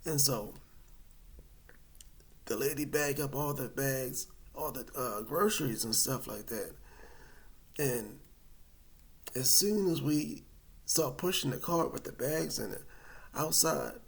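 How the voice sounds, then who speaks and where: A man telling a personal story to camera in a casual, animated, rambling way. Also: mid-range voice, takes it slowly, creaky, long pauses. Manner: animated, colloquial, rambling with restarts.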